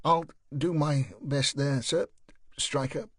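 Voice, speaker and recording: A man voicing a nervous young male detective who speaks quietly with a cultured English accent and stammers. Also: on the high side, slow, slightly rough, no room sound, voice pushed up.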